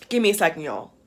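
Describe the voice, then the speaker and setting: A woman giving impassioned vlog commentary, emphatic and blunt, repeating phrases for emphasis and swearing. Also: medium pitch. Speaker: YouTube commentator.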